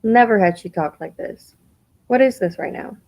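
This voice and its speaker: A woman's voice: mid-range voice, normal speed, a little mellow, low-quality recording. A woman streamer giving incredulous, mocking reaction commentary on a clip, swearing casually.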